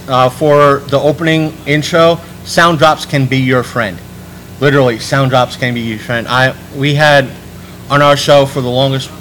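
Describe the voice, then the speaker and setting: A man hosting a podcast in casual chat, rambling and restarting his sentences, animated when he quotes people. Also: medium pitch, slight background noise, low-quality recording. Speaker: podcast host.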